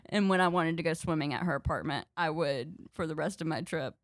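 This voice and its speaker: Animated young woman telling a story. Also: low-pitched, fairly quick, hardly any pauses, dry recording, clean studio sound. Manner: animated, acts out the voices of people in her story. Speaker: podcast guest. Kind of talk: casual storytelling.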